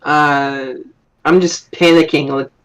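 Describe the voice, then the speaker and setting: A man's voice: on the high side, fairly even intonation, slow, clean tone, low-quality recording. A man playing a tabletop game, reacting in character in short bursts. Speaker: player. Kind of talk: casual tabletop play.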